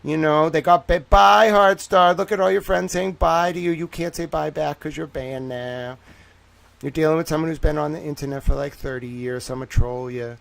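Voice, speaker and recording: A man's voice: on the high side, fairly even intonation, brisk, vocal fry, dry recording. A man hosting a casual livestream, speaking in a put-on Southern drawl, playful, teasing and boastful. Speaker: livestream host.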